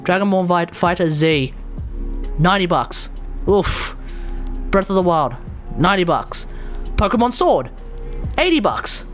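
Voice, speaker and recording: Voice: mid-range voice, big pitch swings, a little slow, pauses often, faint music behind. An Australian live streamer in casual chat, rambling and exasperated, with mild swearing.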